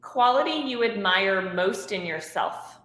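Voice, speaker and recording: A woman hosting a show, asking brisk rapid-fire questions and then closing it out. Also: medium pitch, lively intonation, fairly bright tone, echoey room, rough recording. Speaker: podcast host. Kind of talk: interview.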